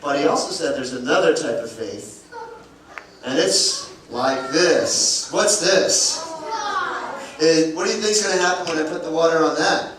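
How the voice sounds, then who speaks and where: A man with a fairly high voice gives a children's sermon in a church, playful and asking the kids questions as he shows his props. He sits far from the mic, so his voice rings through a very echoey sanctuary. Clear room noise hums underneath. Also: a little slow. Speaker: pastor.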